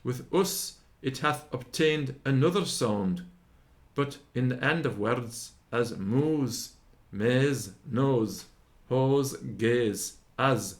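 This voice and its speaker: Slow, deliberate male reader of grammar. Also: medium pitch. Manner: slow, deliberate, sounding out each example word. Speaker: teacher reading a historical grammar aloud. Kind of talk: read-aloud lesson.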